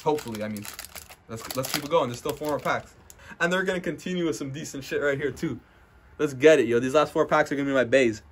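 Young adult male, mid-pitched, casual unboxing vlogger; profane, brash, excitable, recorded indoors at someone's house. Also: fast, background noise. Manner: profane, brash trash-talk; excitable, swings into loud hype. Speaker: card-opening vlogger.

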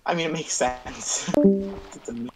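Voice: medium pitch, a little slow, loud music behind the voice, poor audio. A gamer chatting casually at home during a game session, teasing a friend and laughing often. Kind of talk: casual gaming chat.

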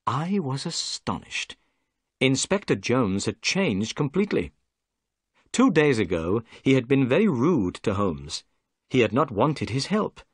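A man narrating a storybook in clear, expressive scripted narration. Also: mid-range voice, a little slow, no room sound, studio quality.

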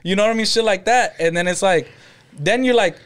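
A man with a high voice co-hosts a podcast. He tells relaxed stories from childhood in casual chat and laughs easily. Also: smooth. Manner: relaxed anecdotes, quick to laugh. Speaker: podcast co-host. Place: podcast studio.

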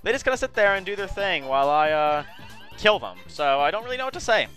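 A man's voice: sits high, big pitch swings, quick pace, music in the background. A man giving chatty video game commentary, often calling viewers his friends and apologizing for what he says. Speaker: let's play host.

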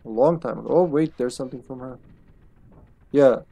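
A man's voice: mid-range voice, a little fast, vocal fry, mellow, dry recording. A man streaming a game live, chatting in a laid-back way, swearing and laughing. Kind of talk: casual live gameplay commentary. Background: game music.

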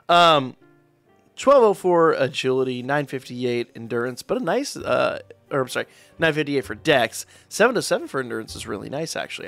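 In this clip the YouTuber's voice sits on the high side with a fairly bright tone. He casually reviews mobile game units, chatting, reading out stats, and correcting himself as he speaks.

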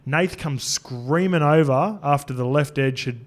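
A former rugby league player co-hosts a relaxed podcast, recounting dressing-room stories and backing up his partner's points. His voice sits a little on the high side, and he talks in an easygoing, unscripted way with some swearing. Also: a little slow. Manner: agreeable storyteller, frequent restarts and fillers, occasional swearing. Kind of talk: casual sports podcast chat.

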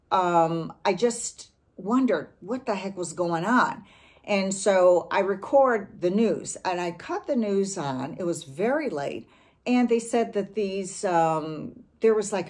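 A middle-aged woman from the Chicago area hosting a podcast, telling a story in a casual monologue with animated, indignant outbursts. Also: medium pitch. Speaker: podcast host.

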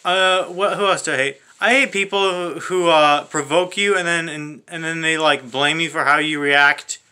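A man's voice: fairly high pitch, steady tone, normal speed, sharp tone, clean tone. A man hosting a comedic video, ranting crudely with constant swearing and frequent restarts. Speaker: comedy channel host. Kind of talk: profane comedic rant.

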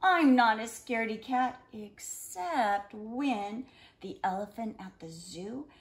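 A woman reading a rhyming children's picture book aloud in a gentle, expressive storytelling manner. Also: fairly high pitch, slow pace.

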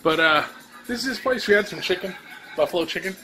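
High-voiced young man vlogging. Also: expressive, fast, bright, forceful tone, faint music behind. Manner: loose and chatty, with frequent "uh" fillers. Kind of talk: casual vlog chat. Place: home and car.

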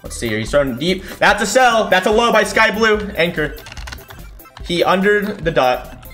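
Young man, gaming stream commentary, fairly high voice, faint music underneath. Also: moderate pace. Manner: casual, thinks aloud, bursts into excited shouts. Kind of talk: live gameplay commentary. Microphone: desk mic without a condenser.

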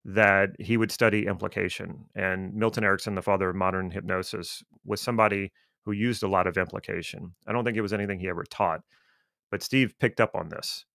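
Male coach, conversational explainer, gravelly low voice, dry close sound. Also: steady tone, a little fast, fairly bright tone, dry recording. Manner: conversational, reflective, with frequent restarts. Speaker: coach and teacher. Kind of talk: explanatory talk to viewers.

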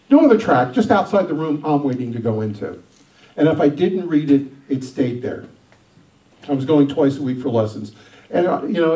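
A man, a senior pastor, telling his own story in a sermon, emphatic, swinging between loud and soft. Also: medium pitch, echoey room, distant mic, rough recording. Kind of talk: sermon testimony.

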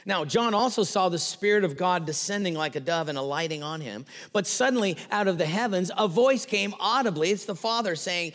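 A man preaching a sermon as pastor, animated and acting out quotes with playful voices. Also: sits high, fairly quick, hardly any pauses. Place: church sanctuary. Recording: long hall reverb.

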